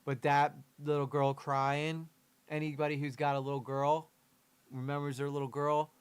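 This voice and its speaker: A man's voice: on the high side, level tone, normal speed, smooth. Emotional man reacting on a livestream. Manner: emotional, candid, swears casually. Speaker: reaction streamer.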